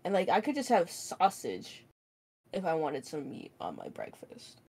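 A woman in loose, casual conversation with a friend, her voice sitting a little low. She rambles from thought to thought and leans on filler words as she talks. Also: wildly swooping pitch, a little slow, a little mellow, slightly rough. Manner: rambling, heavy use of "like" fillers. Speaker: friend of the streamer. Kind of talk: casual chat.

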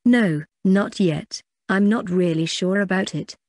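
A woman's voice: fairly low pitch, moderate pace, a little mellow, no echo, clean studio sound, lightly acted. A woman reading the lines of a grown man who is the unsure eldest brother of his family, hesitating and trailing off as he speaks. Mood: embarrassed.

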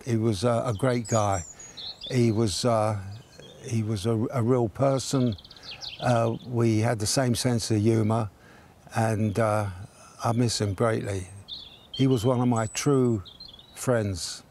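With a medium-pitched, steady, darkish voice, this older guest talks slowly and pauses often, over slight background noise. He tells a funny anecdote in a chatty storytelling style, laughing along and voicing the characters himself.

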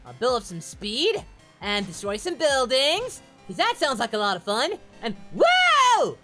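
This comedic parody let's play has a performer voicing Goku, the happy, not-so-bright adult martial-arts hero, whooping through the game like an excitable child and speaking of himself in the third person. His exaggerated voice is high and sharp, swinging hugely in pitch at a measured pace, with giddy shrieks. Faint music sits behind him.

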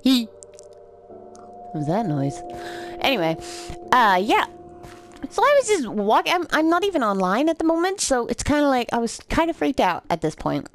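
Drunk woman narrating her gameplay, loose and profane, easily amused, very animated pitch. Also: moderate pace, pauses often, soft background music. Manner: rambling, swears a lot, easily amused. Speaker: gameplay commentator. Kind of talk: rambling let's-play commentary.

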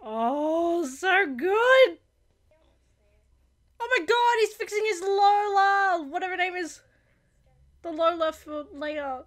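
A woman hosting her own channel, giving excited reaction commentary on a TV episode; she gasps and shouts often and keeps apologizing. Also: very high voice, slow, pauses often.

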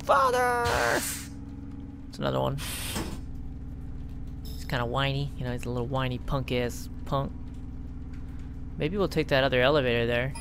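Yelling at the characters on screen, a let's play commentator gives sarcastic, freely profane casual gaming commentary. Their mid-range voice holds a steady tone at a slightly fast pace, with background noise present.

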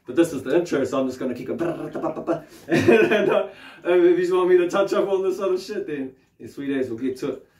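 A man's voice: on the high side, expressive, fast talker, darkish tone. A man with a New Zealand accent teaching meditation in a loose, casual way, swearing freely and tagging his sentences with questions. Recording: roomy, distant mic.

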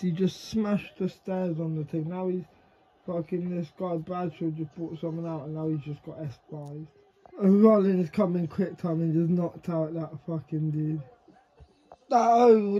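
A man giving casual, excitable reaction commentary to the screen, swearing freely. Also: a little high, slightly rough, muffled recording. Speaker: reaction video creator.

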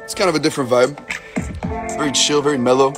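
A man's voice: mid-range voice, steady tone, fast talker, over music. Rambling, swearing young American man. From United States. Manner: rambling, profane, filler-heavy, joking. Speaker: livestream host. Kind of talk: casual livestream chat reading comments.

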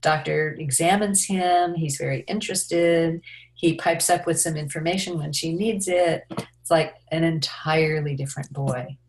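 A woman with a notably low voice, talking as a guest in an interview. She tells her stories in an animated way, often restarting a phrase before going on. Her delivery is warm in content and steady as a parenting expert. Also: moderate pace. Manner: animated storytelling with many restarts. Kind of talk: interview conversation.

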